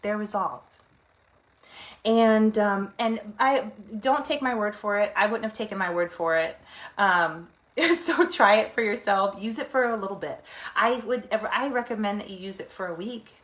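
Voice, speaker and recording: Middle-aged female therapist, chatty and animated, voices inner thoughts mid-talk, medium pitch. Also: normal speed. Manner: animated, acts out inner voices, laughs often. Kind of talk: casual teaching talk.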